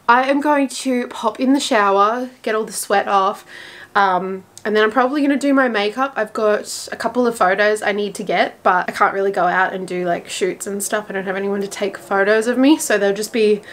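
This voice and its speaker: A woman's voice: mid-range voice, fairly even intonation, a little fast, fairly bright tone, poor audio. A young woman talking to camera in a casual vlog, chatty and giggly, with lots of filler words. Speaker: vlogger.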